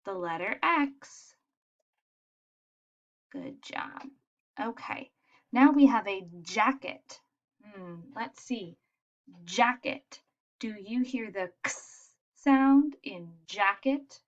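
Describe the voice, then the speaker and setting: A woman teaching young children letter sounds in a patient, encouraging way, modelling each sound clearly. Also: medium pitch, very animated, drawn-out words, pauses often, muffled recording. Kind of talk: phonics lesson for young children.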